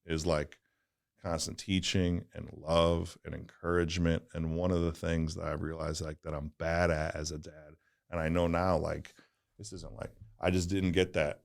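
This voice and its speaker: A deep male voice with vocal fry and little pitch movement, going at a normal speed. He owns a donut shop in the St. Louis area and is a guest on a relaxed interview podcast, earnestly rambling through his personal stories with plenty of "like" and "right?".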